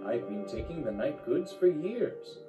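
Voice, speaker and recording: A courteous young diesel engine, eager and polite, with his voice lifted well above the man acting him out, in a narrator's put-on voice. The storybook reading has loud music underneath. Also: fairly high pitch, sing-song, a little slow, voice pushed up. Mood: polite, surprised. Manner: courteous, eager, a little stuttering.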